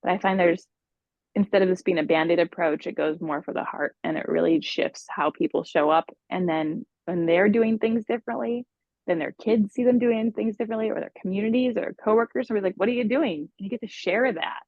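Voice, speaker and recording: Woman relationship coach, podcast guest, expressive conversational delivery; dry, slightly dull recording. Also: medium pitch, fairly quick, no room sound.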